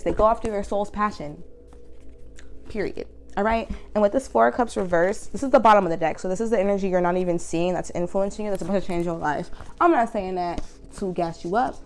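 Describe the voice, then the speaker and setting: Emotional young woman reading tarot. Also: lowish voice. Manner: emotional, animated, slows down to stress lines. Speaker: tarot reader.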